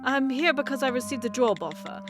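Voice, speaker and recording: A woman's voice: high voice, expressive, fairly quick, music in the background, voice pushed up. A woman voicing a polite young male assistant with a put-on British accent.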